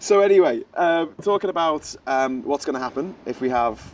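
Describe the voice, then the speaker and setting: A man's voice: a little high, lively intonation, a little fast, far from the mic. A man from the UK hosting a casual political podcast, explaining with confidence and drifting into tangents. He is recorded outdoors in the wind. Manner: chatty, digressive, confident explainer. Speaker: podcast host. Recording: faint background noise, outdoors with wind.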